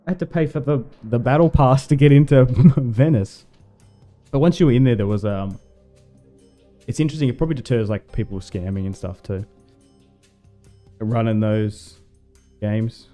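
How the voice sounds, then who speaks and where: Casual male game streamer, warm mid-pitched voice, loose rambling delivery. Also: normal speed, pauses often, faint music behind. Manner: rambling, chatty storytelling with fillers and laughs. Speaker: livestream gamer. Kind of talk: casual chat while streaming a strategy game.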